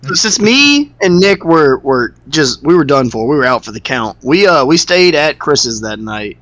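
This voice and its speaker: A man's voice: on the high side, very animated, moderate pace, fairly bright tone, dry recording. A young man co-hosting a casual podcast with friends, telling stories and laughing often. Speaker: podcast co-host. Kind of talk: casual chat.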